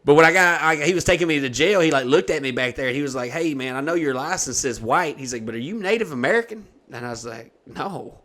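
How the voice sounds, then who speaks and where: A young man hosts a podcast, spinning a long comic story in a casual, profane way and acting out its characters. His voice sits on the high side, and he talks fast with few pauses.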